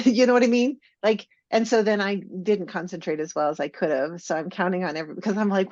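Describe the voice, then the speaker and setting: A woman leading a writing workshop, talking in a casual, excitable way and laughing often. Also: mid-range voice, brisk, few pauses, no echo, lo-fi sound. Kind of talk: casual group discussion.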